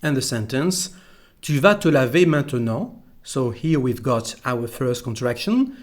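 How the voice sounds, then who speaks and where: A man's voice: mid-range voice, expressive. French-accented man teaching pronunciation. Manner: slow, careful, repeats each phrase for the learner. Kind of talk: pronunciation lesson.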